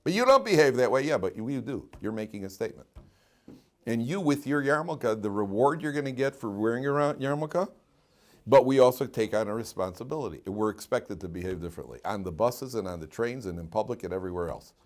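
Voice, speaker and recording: A man's voice: mid-range voice, expressive, fairly quick, darkish tone. A man giving an informal Torah class to yeshiva students, telling stories, asking rhetorical questions and translating Hebrew terms as he goes. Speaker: rabbi teaching yeshiva students.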